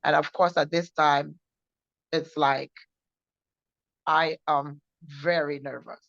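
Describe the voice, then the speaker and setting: A woman co-hosting a faith show, recounting her personal testimony in an earnest, halting way with many restarts. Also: low-pitched, steady tone, gravelly, a bit bright, no room sound. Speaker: co-host sharing her testimony. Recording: dull, muffled sound.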